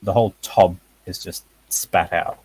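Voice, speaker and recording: A man teaching a casual lesson over a voice call, halting with fillers and short laughs. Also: deep voice, steady tone, darkish tone, breathy edge, dry recording, rough recording. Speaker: language teacher.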